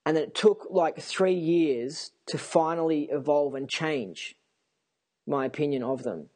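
Husky-voiced man ranting to camera. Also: on the high side, a little slow. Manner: excitable, rambling, repeats himself. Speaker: vlogger. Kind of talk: rambling personal monologue.

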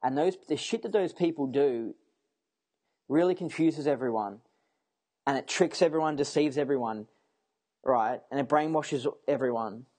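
A man's voice: mid-range voice, moderate pace, pauses often, a little mellow. Rambling, swearing man ranting. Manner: rambling, emphatic, swears freely; repeats himself and restarts sentences. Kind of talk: casual rant to camera.

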